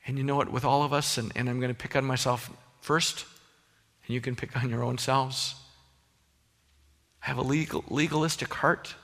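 A man's voice: medium pitch, steady tone, moderate pace, gravelly, pauses often, a bit bright, in a large hall. A man preaching a sermon as pastor, earnest and emphatic, often restarting his phrases.

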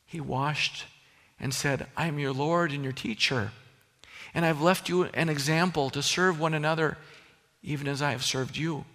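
A man delivers a sermon from the pulpit, earnest and emphatic, circling back and restarting phrases as he presses his point. His voice is bright and forceful, set a little high for a man. It rings out with the long reverb of a large hall. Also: steady tone, normal speed. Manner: earnest preaching, rising emphasis with frequent restarts. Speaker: pastor.

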